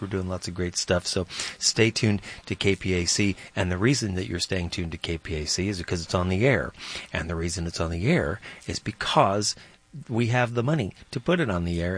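A man hosting a classical radio program, chatting casually with his co-host and making a fundraising pitch. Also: slightly rough. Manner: chatty, laughs easily.

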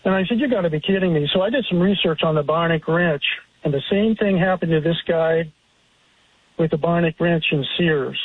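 A man's voice: fairly high pitch, moderate pace, breathy edge. A man calling in to a radio talk show, earnestly telling his story and replaying what others told him. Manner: earnest storytelling, retelling conversations. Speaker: caller. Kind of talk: phoned-in radio call. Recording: tinny phone line.

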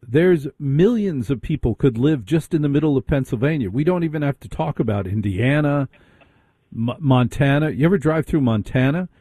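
A man's voice: medium pitch, expressive, normal speed, mellow, slightly rough, dry recording. A man hosting a late-night call-in radio show, bantering and teasing callers with dry humor. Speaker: radio host.

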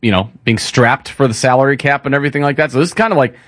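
A man co-hosting a morning sports talk show in casual chat, easygoing, with halting speech and many restarts. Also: medium pitch, a bit bright, no echo, clean studio sound.

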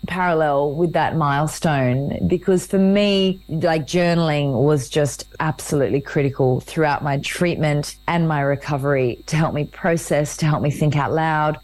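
A woman guest and author talking in a casual interview, earnest and warm, often acting out quoted dialogue. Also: sits low, dry recording, low-quality recording.

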